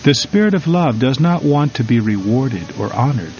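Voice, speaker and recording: A man reading a devotional story and reflection in a measured, solemn manner with drawn-out emphasis. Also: medium pitch, animated, a little mellow. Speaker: devotional reader. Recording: slightly dull recording over faint music.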